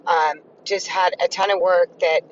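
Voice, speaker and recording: A man's voice: high voice, steady tone, unhurried, highs cut off, slight background noise. A man vlogger recounting a personal experience in a hesitant, earnest way, full of ums and restarts. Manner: hesitant, filler-heavy and earnest. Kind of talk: personal storytelling.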